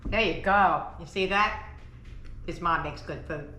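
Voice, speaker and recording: A cooking channel host sits at her dining table for a casual home cooking vlog, upbeat and chatty as she gets her family to taste the meal. Her voice is lowish, bright and forceful, her pace unhurried, and the sound is roomy with slight background noise.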